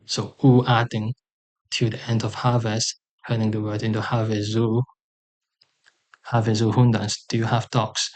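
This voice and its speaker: A man teaching a language lesson, sounding out example words slowly and carefully, with pauses and fillers. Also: on the low side, flat delivery, darkish tone.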